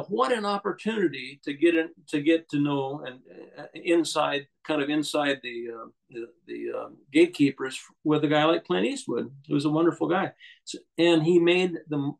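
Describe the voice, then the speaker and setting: A man with a gravelly voice telling stories as a guest on an interview show. He is a little higher-pitched than most men, and he rambles through his anecdotes with lots of fillers and restarts. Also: moderate pace, low-quality recording. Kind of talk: casual storytelling interview.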